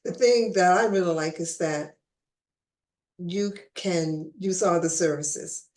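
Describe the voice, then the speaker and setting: A woman's voice: on the low side, slow, darkish tone. A woman hosting a casual conversational interview, chatty and restarting her phrases, with the hiccups. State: has the hiccups.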